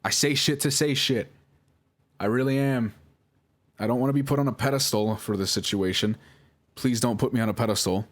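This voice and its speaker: A man's voice: mid-range voice, normal speed, pauses often. A young man nervously talking through old chat messages, rambling with many fillers and restarts and apologizing over and over. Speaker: video creator reading out chats.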